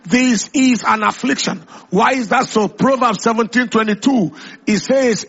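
A man preaching with a high voice that has a gravelly, husky edge. He builds emphatic, repetitive lines and quotes scripture at length. The sound is dull and lo-fi, like an old radio broadcast. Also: a little slow, a bit bright. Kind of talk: sermon.

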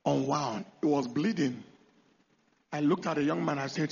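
A man preaches a testimony sermon in a high, bright, gravelly voice. He tells the story dramatically, dropping low and then bursting into shouts. The recording is dull and lo-fi. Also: a little fast.

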